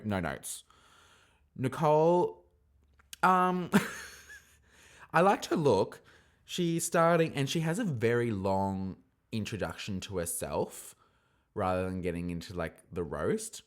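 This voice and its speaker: A man hosting a casual review podcast, talking in a gossipy, animated way with sudden excited squeals. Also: lowish voice, a little slow. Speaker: podcast host reviewing a drag competition.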